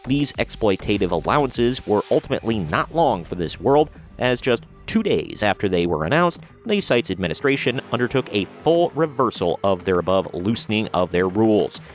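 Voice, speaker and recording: A man's voice: on the low side, sing-song, normal speed, hardly any pauses, soft background music. A man hosting a commentary video, reading out news articles and adding blunt, sarcastic remarks of his own. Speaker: commentary channel host.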